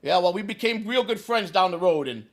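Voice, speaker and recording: Fast-talking profane man in his sixties. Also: high voice. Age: 60s. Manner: profane, animated storyteller who acts out quotes. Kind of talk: casual storytelling.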